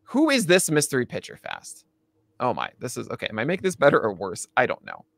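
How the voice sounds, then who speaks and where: A man co-hosting a casual baseball chat show, animated, laughing often and restarting his sentences. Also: medium pitch, fast, creaky. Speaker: podcast co-host.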